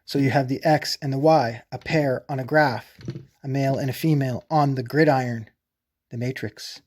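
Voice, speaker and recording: A man delivering a rambling explanatory monologue to camera, insistent and blunt, with profanity, lingering slowly over puns. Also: medium pitch, steady tone. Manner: repeats and drags out puns slowly. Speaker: solo video presenter.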